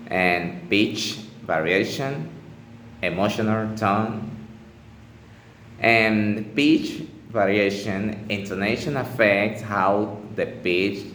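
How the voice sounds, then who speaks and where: A man teaching an English lesson in a deliberate, pausing way, with fillers and restarts. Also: lowish voice, a bit bright. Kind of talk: slow instructional explanation. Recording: echoey room with faint ambient noise.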